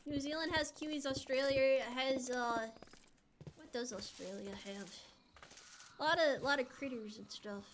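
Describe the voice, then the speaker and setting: A woman's voice: high voice, measured pace, slight background noise. A woman from the United States streaming a game, chatting casually and playfully, often giggling and reading out chat messages. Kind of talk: casual live-stream chat while gaming.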